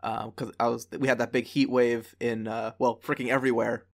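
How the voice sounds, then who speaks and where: A man co-hosting a podcast, playful and quick to laugh, stammering a little when he jumps in. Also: medium pitch, level tone. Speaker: podcast co-host. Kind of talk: casual podcast chat.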